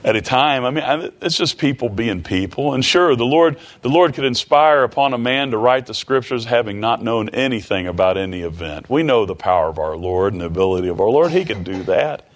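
Male preacher, folksy sermon delivery, repeats himself, average pitch. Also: animated, brisk, hardly any pauses. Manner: folksy, repeats phrases, chuckles often.

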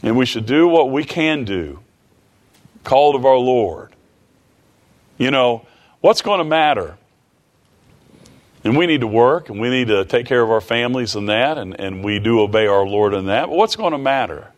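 A man's voice: mid-range voice, animated, moderate pace, long pauses. A man preaching a sermon in a folksy, repetitive way, often chuckling.

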